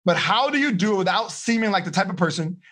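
A man working as a life coach, teaching a live seminar in an energetic, animated way and checking in with the audience often. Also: sits high, quick pace. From United States. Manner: energetic, animated, addresses audience with frequent okay and like.

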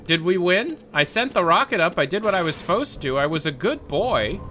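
Male streamer, slightly high voice, loose profane gameplay chatter, noisy room with typing. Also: very animated, brisk, pushed and bright. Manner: rambling, profane, joking. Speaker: game streamer. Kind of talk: casual live gameplay commentary.

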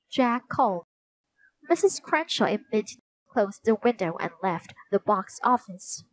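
A woman narrating a children's storybook in a clear, expressive read-aloud manner. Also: medium pitch, moderate pace, no room sound. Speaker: audiobook narrator.

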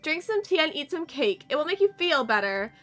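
Creepy bossy teen sisters, put on by a woman, high, bright, drawn-out and taunting. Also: sing-song. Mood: preachy. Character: two eerie teenage sister girls, smug and bossy.

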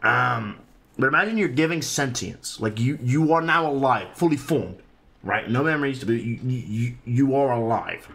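A man's voice: mid-range voice, lively intonation, normal speed, vocal fry, fairly bright tone, breathy edge. A man giving casual, profane let's-play commentary and teasing the baby in the game. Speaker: gaming channel host.

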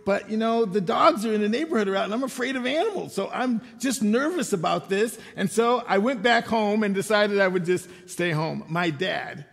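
An older man preaching a sermon, telling personal stories in a relaxed, conversational way with wry humor. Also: sits high, normal speed, creaky, hardly any pauses. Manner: conversational storytelling with self-deprecating humor. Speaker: pastor. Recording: long hall reverb.

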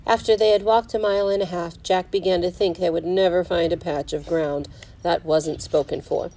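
A teacher reading a children's novel aloud at home, in steady storybook narration. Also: female voice, on the low side, normal speed, low-quality recording. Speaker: fourth grade teacher.

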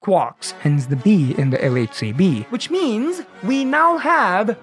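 Sarcastic, lively science explainer. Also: mid-range voice, takes it slowly, faint music behind. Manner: sarcastic, exasperated, swears for comic effect. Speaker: science YouTuber. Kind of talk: comedic educational monologue.

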